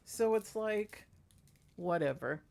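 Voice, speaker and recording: A middle-aged woman talks straight into a small clip-on mic, spinning a neighborhood story in a loose, chatty vlog. She sounds fed up and indignant, with a pitch that sits right in the middle for a woman. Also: animated, takes it slowly, gravelly, darkish tone. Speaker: vlogger. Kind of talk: casual gossip vlog. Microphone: clip-on microphone.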